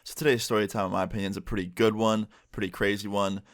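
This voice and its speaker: A man's voice: fairly low pitch, little pitch movement, fast. A young man telling a personal story in a casual storytime vlog, chatty and conversational. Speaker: YouTuber and streamer.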